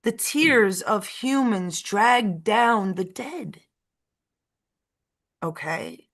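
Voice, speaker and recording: A woman voicing a dead young daughter who calmly explains to her mother in a told story. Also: medium pitch, extremely slow, full character voice. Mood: gentle.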